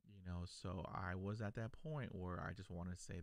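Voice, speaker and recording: A man's voice: deep voice, fairly even intonation, normal speed, vocal fry, dry recording. A man from South Texas who stutters, telling his own story to camera in an earnest, reflective way. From South Texas, USA. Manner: stutters, with repeated words and broken starts. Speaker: video creator.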